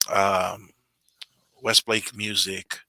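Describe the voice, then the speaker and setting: An earnest man recounts a personal story in casual conversation, full of fillers and restarts. His voice sits low but has a very bright, edgy timbre. The sound is close and dry. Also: little pitch movement, very slow, gravelly, no room sound. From Samoan. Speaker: channel member guest. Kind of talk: casual video call chat.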